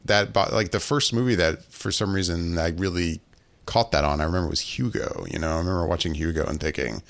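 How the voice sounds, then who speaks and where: A man's voice: low voice, fairly quick, gravelly. A man co-hosting a podcast, chatting casually and laughing through his points. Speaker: podcast co-host. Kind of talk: casual chat.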